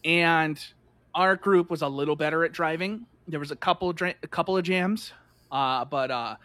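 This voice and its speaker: A man telling a lively story in casual chat, full of "like" and acted-out voices. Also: on the high side, normal speed, dry recording. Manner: animated, fillers of "like", acts out voices.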